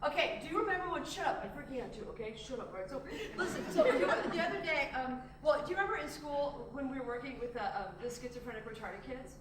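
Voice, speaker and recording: A woman's voice: high voice, animated, fast talker, hardly any pauses, distant mic, heavy background noise. A woman doing a giggly, gushing fashion woman. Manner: breathless, giggly, rambling, oversharing. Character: gushing, self-absorbed fashion-industry woman. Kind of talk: solo stage comedy. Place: theatre stage. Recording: echoey theatre, recorded from afar.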